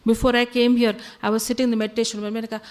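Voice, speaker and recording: A woman's voice: on the high side, level tone, rapid-fire, darkish tone. A woman, giving a spiritual talk full of chatty stories and dropping Hindi phrases into her English. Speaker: spiritual speaker. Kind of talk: storytelling talk.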